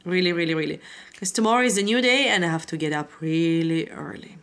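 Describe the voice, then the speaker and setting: A woman's voice: on the low side, expressive, fairly quick, fairly bright tone. A woman hosting a casual family vlog, chatty, with slightly non-native phrasing. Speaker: vlog host.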